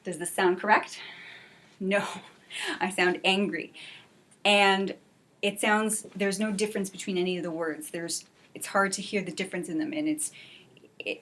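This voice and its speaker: A woman's voice: lowish voice, fairly bright tone, slight background noise. Woman teaching an adult English class. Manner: clear, encouraging, slow modeled example sentences. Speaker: ESL teacher.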